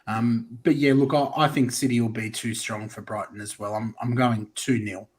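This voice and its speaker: An Australian man hosting a casual football podcast, chatty and relaxed, calling on guests and reading out viewer comments. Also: mid-range voice, normal speed, husky. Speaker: podcast host.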